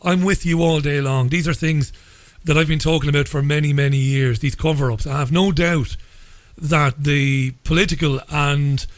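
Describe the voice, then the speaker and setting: Measured male radio host. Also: fairly high pitch, steady tone, dry recording. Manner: measured, repeats words when starting a sentence. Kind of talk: radio interview.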